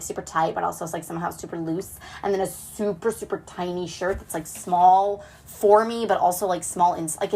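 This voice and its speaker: A woman's voice: fairly low pitch, a little mellow, breathy edge. A woman hosting a podcast, talking in a rambling, jokey way full of "like". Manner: rambling, jokey, heavy use of "like". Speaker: podcast host. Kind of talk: casual podcast talk.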